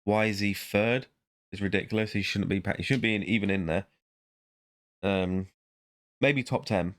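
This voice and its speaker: A man with a lowish voice speaking at a moderate pace vlogs in a casual, rambling monologue, muttering to himself and breaking off mid-thought.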